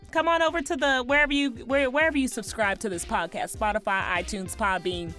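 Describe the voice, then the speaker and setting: A woman's voice: sits high, a little fast, hardly any pauses, bright, forceful tone. A woman hosting her own podcast, giving upbeat, preachy encouragement in a sing-song way. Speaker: podcast host. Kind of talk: upbeat motivational solo podcast.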